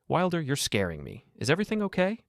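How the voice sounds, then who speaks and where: A man voicing a worried, meddling sister-in-law who talks anxiously and pleads, pitched higher than his own voice. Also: lively intonation, moderate pace, dry recording, clean studio sound.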